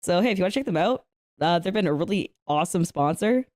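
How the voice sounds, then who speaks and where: A woman's voice: lowish voice, animated, fast, a little mellow, dry recording, studio quality. Giggly, foul-mouthed young woman streamer. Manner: giggly, profane, playful, talks to chat. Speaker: streamer reacting to a video. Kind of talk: casual reaction chat.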